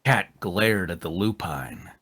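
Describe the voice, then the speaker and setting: A man narrating a live comedic fanfic reading in a plain, steady manner. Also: low-pitched, slow, breathy edge.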